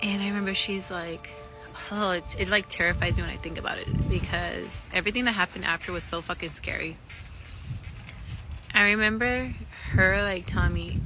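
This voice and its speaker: In a casual storytime vlog with poor audio, a young woman with a lowish voice tells a story candidly and chattily. She swears freely and fills her speech with "like" and "you know."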